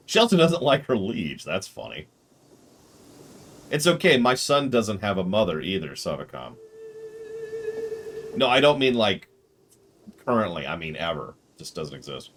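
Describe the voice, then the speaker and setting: A man's voice: on the low side, big pitch swings, normal speed, long pauses, fairly bright tone. Chatty man streaming a strategy game. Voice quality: joking, chatty, reacts aloud to the game. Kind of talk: casual gameplay commentary.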